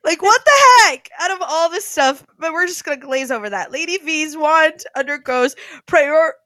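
Bright high-voiced young woman, animated. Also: moderate pace, no room sound. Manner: animated, giggly, fillers like "like". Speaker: podcast co-host. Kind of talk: casual chat.

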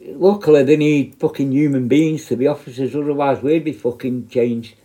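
A middle-aged man, a prison officer telling stories in a blunt, swear-heavy, animated way. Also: medium pitch, moderate pace. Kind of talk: casual storytelling monologue.

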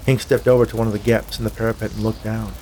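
A man reading a dark tale aloud in a measured, scripted storytelling manner. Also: lowish voice, level tone, slight background noise. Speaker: narrator. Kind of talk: scripted audiobook narration.

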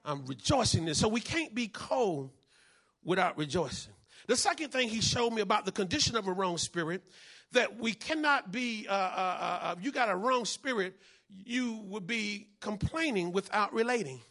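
High, husky-voiced male preacher. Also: animated, normal speed. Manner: fiery preaching, bursts into shouts, repeats key phrases; acts out the people in his story. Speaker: pastor. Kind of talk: sermon.

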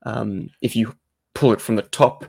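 A man's voice: on the low side, fairly even intonation, measured pace, gravelly, darkish tone, slightly rough. A South African man co-hosting a podcast, chatting casually and explaining things at length. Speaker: podcast co-host.

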